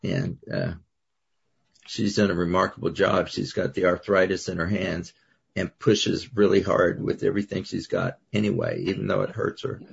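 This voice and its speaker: A man's voice: low voice, creaky, slightly rough. An older man speaking encouragingly in a group video call. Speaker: fellowship group member. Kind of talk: casual group chat. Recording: muffled lo-fi video call audio.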